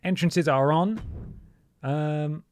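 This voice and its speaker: A man's voice: fairly high pitch, extremely slow, slight background noise. Jokey man streaming a game. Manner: chatty, jokey, talks to chat and mods. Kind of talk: casual live-stream commentary.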